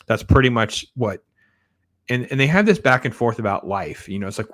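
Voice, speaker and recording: A man's voice: mid-range voice, animated, moderate pace, a bit bright, dry recording. A man giving a casual, blunt spoiler review of a film, rambling and sarcastic as he recounts the plot. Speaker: movie reviewer.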